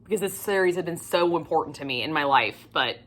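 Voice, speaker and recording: A woman chatting casually in a book haul vlog, gushing and excitable, swearing freely and swinging between loud squeals and whispers. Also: low-pitched, quick pace. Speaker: book vlogger.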